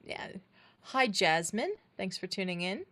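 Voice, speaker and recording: A woman's voice: mid-range voice, sing-song, a little slow, crowd noise. A woman co-hosting a casual live review show, friendly, greeting viewers in the chat and thanking them for tuning in.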